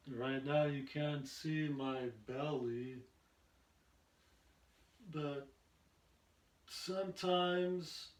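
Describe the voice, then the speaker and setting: Guy doing amateur standup, slow halting rambly delivery, echoey room. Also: mid-range voice. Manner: halting, meandering, with many pauses and fillers. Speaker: amateur stand-up comedian and podcast host.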